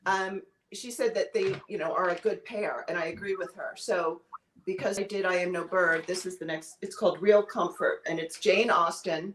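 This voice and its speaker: A woman's voice: lowish voice, steady tone, normal speed, a bit bright. A woman with a Midwestern American accent, chatting playfully and teasing as co-host. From Midwestern United States. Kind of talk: casual chat. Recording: echoey room, faint noise.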